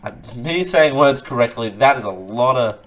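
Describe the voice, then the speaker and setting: A man's voice: mid-range voice, lively intonation, moderate pace, noisy background. Man hosting a stumbling news commentary. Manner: stumbling, joking asides, frequent uh fillers. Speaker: host. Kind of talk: casual news commentary read aloud.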